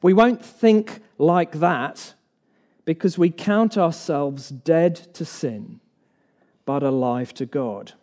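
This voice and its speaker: A man's voice: a little high, slow pace, a little mellow. A man preaching an evening sermon in church, earnest and emphatic, posing rhetorical questions to the congregation.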